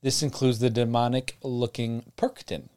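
A man co-hosting a loose podcast conversation, cracking crude jokes and laughing often between facts. His voice sits at an ordinary middle pitch, and his telling is casual rather than polished. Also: level tone, moderate pace, mellow, clear, resonant tone. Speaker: podcast co-host. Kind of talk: casual chat.

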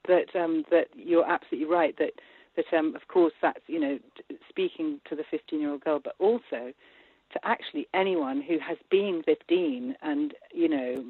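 A woman film director in a casual interview, chatty and quick to laugh, with many hesitations as she talks about her film. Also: low-pitched, dry recording. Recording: husky voice over a tinny phone-like line.

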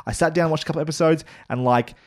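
Rambling podcast host. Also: male voice, fairly high pitch, racing. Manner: rambling, animated, frequent fillers and restarts. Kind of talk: casual podcast chat.

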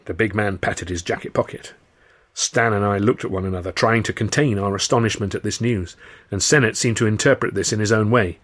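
A man, the author, reading his novel aloud in measured, dry first-person narration. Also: lowish voice.

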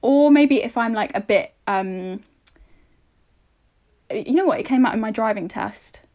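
A young woman from northeast London with a softened London accent, co-hosting a podcast in casual chat and telling animated stories. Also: fairly high pitch, unhurried. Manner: chatty, animated storyteller who mimics others. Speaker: podcast co-host.

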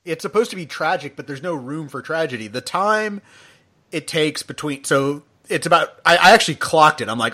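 High bright-voiced guy hosting a podcast, animated, does little voices for quotes. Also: moderate pace. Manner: animated, acting out characters' lines. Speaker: podcast host. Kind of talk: casual podcast chat.

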